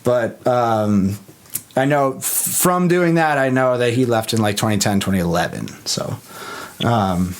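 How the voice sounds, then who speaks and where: A man's voice: mid-range voice, animated, a little slow. A man hosting a casual podcast, talking loosely with lots of "dude" and "um". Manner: loose and laid-back, says "dude" a lot, uses fillers. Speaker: podcast host. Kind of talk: casual chat.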